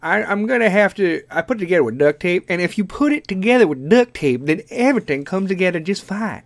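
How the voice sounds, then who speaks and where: A man's voice: high voice, expressive, fast, dry recording. A man putting on the voice of a rambling old country grandpa who boasts in a drawling, folksy way.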